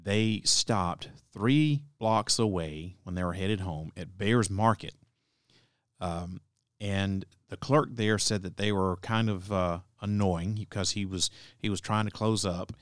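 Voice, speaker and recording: A man recounts a true-crime case in a relaxed, conversational way, pausing for asides and restarting his sentences. His voice sits low. The sound is dry, with no room around it. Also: no echo. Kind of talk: casual true-crime narration.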